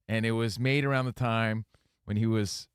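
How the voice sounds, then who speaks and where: A man's voice: lowish voice, steady tone, clear, resonant tone, dry recording, clean studio sound. A man co-hosting a sports talk show, riffing and joking in casual banter. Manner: joking, quick to riff.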